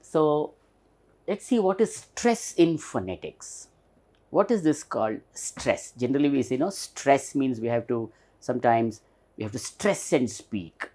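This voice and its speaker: A male teacher with an Indian English accent giving a recorded phonetics lesson, explaining slowly and repeating words to show their stress. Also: medium pitch, big pitch swings, warm tone.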